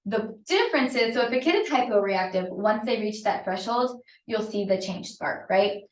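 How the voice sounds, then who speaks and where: A woman's voice: on the high side, lively intonation, normal speed. A woman occupational therapist giving an informal teaching talk to parents, conversational, with frequent fillers and "right?" check-ins. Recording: roomy, from a distance.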